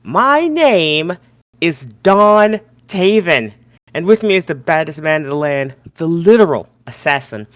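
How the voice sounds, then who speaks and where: A man's voice: on the high side, big pitch swings, unhurried, a bit bright, no echo. Man, podcast co-host, jokey and incredulous, dry close sound. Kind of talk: casual podcast chat.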